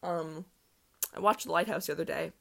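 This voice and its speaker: Speaking fairly fast in a deep, creaky, slightly bright voice, this young woman rambles through a casual chat on her solo podcast, stopping to restart and filling gaps with ums.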